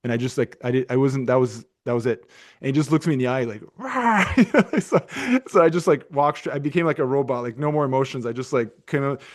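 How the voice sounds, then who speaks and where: A man's voice: mid-range voice, fast talker, darkish tone. A middle-aged man hosting a podcast, telling a long story in a casual, rambling way full of restarts and fillers. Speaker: podcast host.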